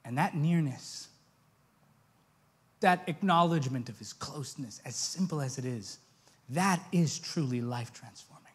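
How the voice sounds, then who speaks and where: A young man with a high voice delivers a sermon. He drops to a gentle, near-hushed tone for personal stories, then climbs into loud, impassioned preaching. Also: unhurried, husky. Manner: moves from soft, hushed storytelling to loud, pitched-up preaching.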